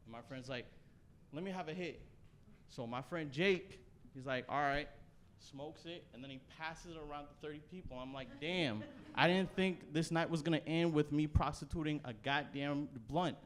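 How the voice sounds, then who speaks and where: Animated profane stand-up man, slightly high voice. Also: normal speed, slight background noise. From Canada. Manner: loose, profane storytelling with animated bursts. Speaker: stand-up comedian. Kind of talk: stand-up set. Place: comedy stage before a live audience.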